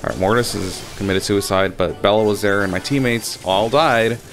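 A young man giving casual gameplay commentary, swearing freely and getting loudly frustrated. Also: fairly low pitch, moderate pace. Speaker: gaming channel host.

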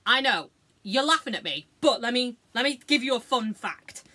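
A woman talks through her makeup routine in a loose, sweary way. She giggles and teases herself as she goes. Her voice is bright and sits fairly high. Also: expressive, moderate pace. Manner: sweary, giggly, self-mocking. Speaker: beauty vlogger. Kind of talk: casual makeup tutorial chat.

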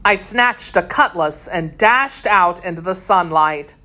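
Woman narrator for a kids' adventure read-aloud; slow, steady, expressive. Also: lowish voice. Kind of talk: reading a children's story aloud.

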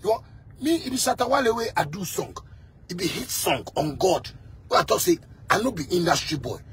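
A man with a Ghanaian accent and a notably high voice rants with fiery energy. He circles back over his points and often breaks into shouts. Faint noise hangs behind him. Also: sing-song, a little fast. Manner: fiery, repeats himself, bursts into shouting. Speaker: musician. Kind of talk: heated rant.

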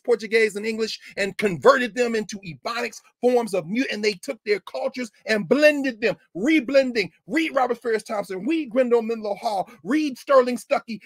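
A man's voice: high-pitched, dry recording, studio quality. A male professor reading a children's book aloud and breaking off into emphatic, preacherly commentary that repeats phrases for effect. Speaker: professor guest on a talk show.

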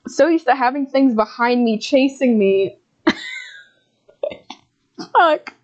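A woman's voice: a little high, a little slow, a little mellow, highs cut off. A woman streaming a horror game, swearing and laughing at her own scares as she comments. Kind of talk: live gameplay commentary.

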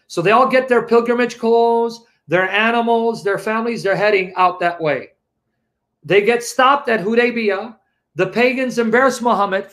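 A man's voice: high-pitched, a bit bright. A man telling a story as commentary in an emphatic, incredulous way, acting out the quotes. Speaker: religious debate show co-host.

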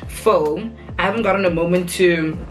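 A young woman talking casually to her viewers in a vlog, bubbly and chatty, her voice jumping up into squeals when she gets excited. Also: fairly low pitch, moderate pace, faint music behind. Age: young adult. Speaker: content creator.

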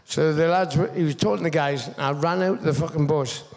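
Gravelly man telling stories on stage. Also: a little high, brisk, darkish tone. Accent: Geordie. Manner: swearing, rambling storyteller with restarts. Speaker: guest speaker. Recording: stage mic in a reverberant hall.

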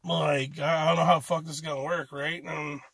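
A man's voice: fairly high pitch, level tone, brisk, gravelly, a bit bright, slightly rough, no echo. A man from Canada doing an amateur stand-up comedy set, ranting profanely in a rambling way and restarting his sentences often.

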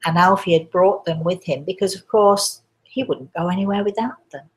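Woman, fairly low voice, host, live talk, storytelling, hesitant, restarts sentences. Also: normal speed. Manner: hesitant, with many restarts and fillers. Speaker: host and spirit medium.

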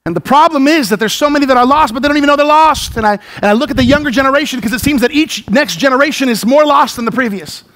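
High-voiced passionate male pastor. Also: fast talker, few pauses. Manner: passionate, rising to shouts, repeats words when excited. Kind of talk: sermon. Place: church sanctuary.

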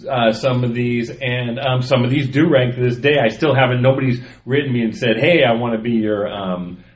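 A man's voice: mid-range voice, normal speed. A man on a podcast, chatting casually and reading his own poems aloud. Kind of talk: casual chat.

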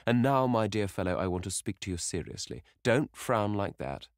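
An earnest painter speaks gravely in a very low, deep voice, pressing a worried friend, played by a man. His manner is serious and measured. The recording is dry and close. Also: sing-song, no room sound.

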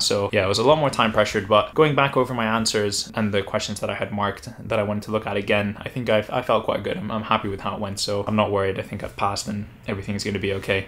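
A young man in his twenties, a medical student, chatting casually to his camera with a relaxed, easygoing manner. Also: fairly low pitch, a little hiss or hum. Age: 20s. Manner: relaxed, chatty, says "mad" a lot. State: out of breath while walking. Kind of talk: casual vlog talk to camera. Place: London streets and home.

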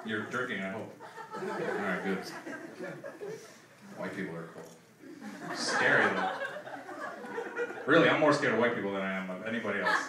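A man's voice: lowish voice, normal speed, pauses often, over a noisy crowd. A man doing a stand-up comedy set on a club stage, telling stories with acted-out dialogue. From Philadelphia, United States. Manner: lively storytelling with acted dialogue. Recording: echoey club, distant mic, audience noise. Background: audience laughter.

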